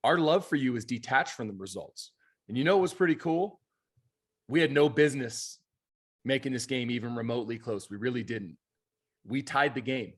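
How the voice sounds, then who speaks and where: A man who coaches youth baseball and co-hosts the podcast, telling stories in an animated, emphatic way. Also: mid-range voice, normal speed, husky. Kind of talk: casual chat.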